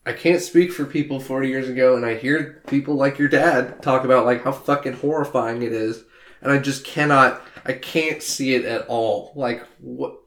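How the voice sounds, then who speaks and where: A man's voice: mid-range voice, fairly even intonation, normal speed, fairly bright tone. A man with a mid-range voice rants in exasperation, swearing often and stacking up filler words. He is recorded in an echoey room on a casual podcast. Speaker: podcast co-host. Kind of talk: casual movie review chat.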